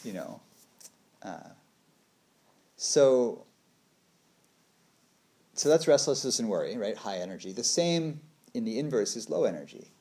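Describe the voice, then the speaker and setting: A man's voice: mid-range voice, sing-song, measured pace, long pauses, warm tone. A man in his thirties giving a casual talk on meditation, laughing often and acting out little quoted voices. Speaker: meditation teacher.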